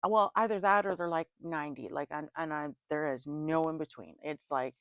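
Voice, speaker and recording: A middle-aged woman with a lowish voice does a casual tarot reading and drifts into rambling stories. She talks in a chatty, animated way and laughs often. The sound is close and dry, with no room echo. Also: fairly quick. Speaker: tarot reader.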